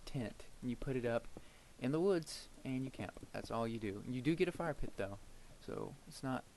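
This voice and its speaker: A man's voice: medium pitch, lively intonation, moderate pace, darkish tone, a little hiss or hum. A man chatting casually over his own gameplay, rambling from one story to the next. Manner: rambling and chatty, with frequent fillers and laughs. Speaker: gameplay video creator.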